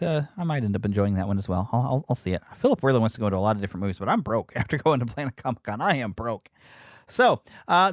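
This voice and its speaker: A podcast host from the United States rambles on in a chatty, animated way, talking quickly with a lively, swooping pitch. His voice is recorded dry, with no room sound. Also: no echo. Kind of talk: casual chat.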